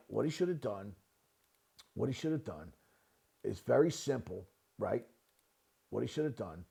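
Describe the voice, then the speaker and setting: A man's voice: medium pitch, creaky, husky. A man who builds houses, giving blunt casual commentary on a listing and asking "right?" again and again. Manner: blunt, repetitive, asks "right?" often. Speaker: real estate builder reviewing a listing. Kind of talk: casual screen-share commentary.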